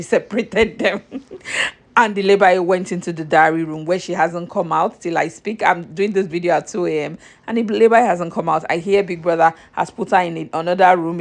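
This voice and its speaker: A young Nigerian woman vlogging a chatty, exasperated recap of a reality show straight to her viewers. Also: on the low side.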